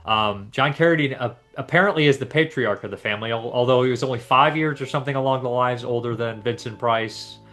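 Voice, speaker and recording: A man's voice: medium pitch, fast talker, few pauses, a bit bright, soft background music. A man hosting a casual film discussion podcast, rambling with lots of restarts and fillers. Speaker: podcast host.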